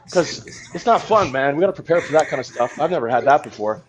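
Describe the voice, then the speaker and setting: A man's voice: fairly high pitch, fast, hardly any pauses, a little hiss or hum, rough recording. A man hosting a live stream, joking around and swinging into exaggerated mock crying and laughter, swearing and saying man a lot. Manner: profane, repeats words like man. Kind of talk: comedic live stream banter.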